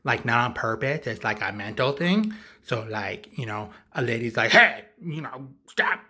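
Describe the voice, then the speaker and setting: A man's voice: mid-range voice, expressive, normal speed, sharp tone. A man rambling casually through a comic movie recap, offhand and full of fillers. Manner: rambling, offhand, lots of likes and ums.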